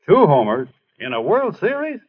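A man playing an earnest, bashful young ballplayer in 1940s radio acting, his voice husky on a tinny old broadcast. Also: on the high side, wildly swooping pitch, normal speed, full character voice. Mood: encouraging.

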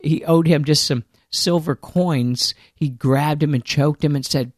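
A man's voice: fairly high pitch, fairly even intonation, a little slow, no room sound, clean studio sound. A man preaching a sermon in an earnest, emphatic way, with conversational asides to his listeners.

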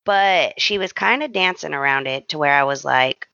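A woman co-hosting a podcast, recapping a soap opera in playful, casual chat with quick quips. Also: sits low, vocal fry, bright, forceful tone, no echo. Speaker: podcast co-host. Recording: dry, slightly dull lo-fi audio.

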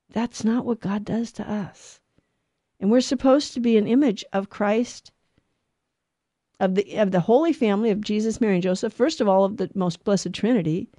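A woman's voice: medium pitch, a little mellow, no echo. A middle-aged woman giving an earnest religious teaching talk on family life, stressing points by repeating words. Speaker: Catholic speaker on family life.

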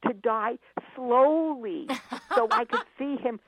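A woman's voice: a little high, takes it slowly, a little hiss or hum, pitched above the performer's own voice. A woman voicing her sweet, earnest five-year-old son, retelling a family story over a tinny, phone-like line.

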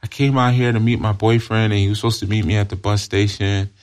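A deep-voiced man voicing a young female runaway who pleads tearfully and rambles. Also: fairly even intonation, quick pace, darkish tone, clean tone, natural voice. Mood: distressed. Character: crying young female runaway, lost and frightened.

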